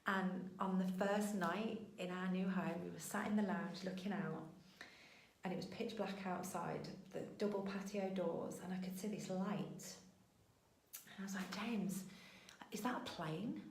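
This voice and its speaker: A woman talks in an earnest, heartfelt way, sometimes close to tears. Her voice sits low and has a gravelly edge. The room around her sounds echoey. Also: steady tone, measured pace, a little mellow. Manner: emotional, voice breaking into tears at times; earnest, storytelling with acted-out quotes. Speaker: business coach hosting a weekly show. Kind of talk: heartfelt motivational monologue.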